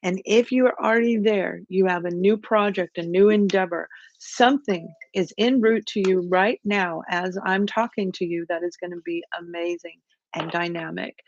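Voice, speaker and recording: Animated woman giving a live tarot reading. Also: fairly low pitch, moderate pace, no room sound, dull audio. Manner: animated, greets viewers by name in the chat. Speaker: tarot reader hosting a livestream.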